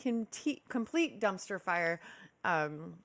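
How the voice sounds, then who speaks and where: Bright-voiced chatty woman streamer. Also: fairly low pitch, very animated, slow. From Kansas City, USA. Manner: chatty, laughs often, affectionate greetings. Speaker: livestream host. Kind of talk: casual chat with viewers.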